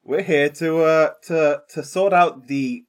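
A man from Canada chatting casually as a podcast guest, animated and halting, often restarting his sentences. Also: fairly high pitch. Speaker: guest co-host.

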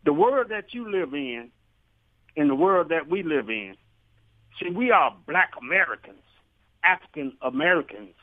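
A man's voice: on the high side, animated, moderate pace, long pauses, dry recording. A man calling in to a radio show, talking in a colloquial, drawling way and repeating himself. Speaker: caller. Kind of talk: phone-in call. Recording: tinny phone line.

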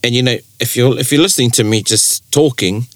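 Man, New Zealand Māori accent, casual talk, lively storyteller, dry recording. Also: mid-range voice, a little fast, dry recording. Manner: animated storyteller who acts out quoted speech. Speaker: te reo Māori speaker in discussion. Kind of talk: casual chat.

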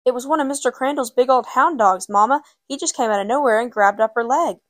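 A woman's voice: lowish voice, level tone, quick pace, a little mellow, dry recording, studio quality, natural voice. A woman reading aloud and voicing a frightened fifteen-year-old girl who screams for her mother. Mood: upset. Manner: screaming, panicked. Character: terrified teenage girl.

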